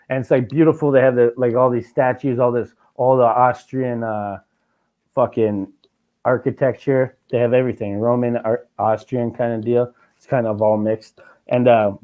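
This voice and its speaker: A podcast host from Canada, a man with a middle-pitched voice, talking loosely and swearing a lot. He acts out his stories and plays both sides of each exchange. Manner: profane, animated storytelling with mimicked dialogue. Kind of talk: casual chat.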